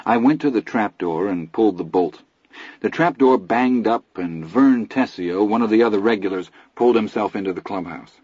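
Husky, low-voiced male narrator. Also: normal speed, a little mellow, no echo, lo-fi sound. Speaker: audiobook narrator. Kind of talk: first-person literary narration.

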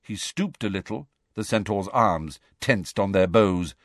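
A man narrating a storybook, expressive and varied, doing character voices. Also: lowish voice, a little slow, no echo, studio quality. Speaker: audiobook narrator.

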